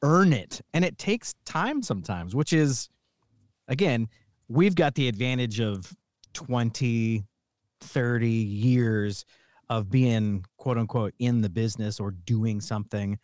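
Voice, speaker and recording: A man's voice: medium pitch, slow pace, dry recording, clean studio sound. A middle-aged man hosting a podcast, chatting casually and telling stories with emphasis. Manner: animated storyteller, emphatic. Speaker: podcast host. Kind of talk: casual chat.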